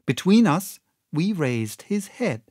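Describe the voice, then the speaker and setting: A man reading a classic novel aloud as an audiobook narrator, with measured and expressive storytelling. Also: sits high, no room sound, studio quality.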